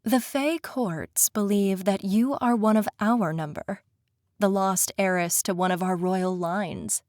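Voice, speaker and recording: A woman voicing a composed, formal fae queen in an audiobook, speaking in a measured, courtly manner. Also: mid-range voice, a little mellow, no room sound, studio quality, natural voice. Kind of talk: audiobook character voice.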